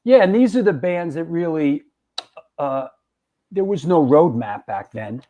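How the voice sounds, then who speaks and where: A man's voice: fairly high pitch, animated, unhurried, warm tone, lo-fi sound. Rambling male host of a live stream. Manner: loose, rambling, frequent fillers. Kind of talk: casual interview on a live stream. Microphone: video call.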